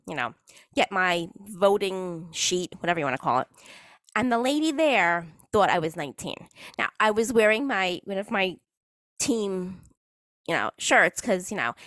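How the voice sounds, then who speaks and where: A woman's voice: medium pitch, fairly bright tone, no echo, studio quality. A woman chatting casually as a hockey fan vlogger, rambling and poking fun at herself. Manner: chatty, rambling, self-mocking. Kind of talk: casual chat.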